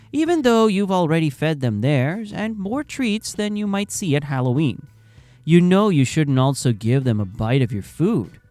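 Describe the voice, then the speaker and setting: A man's voice: a little high, a little mellow, no echo. A man giving scripted narration for a video channel, with wry, conversational asides.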